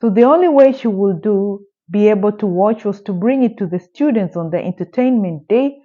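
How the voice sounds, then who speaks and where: A woman's voice: medium pitch, animated, moderate pace, narrow, tinny audio. A woman telling a true story in a casual storytime style, emphatic and indignant, with rhetorical questions.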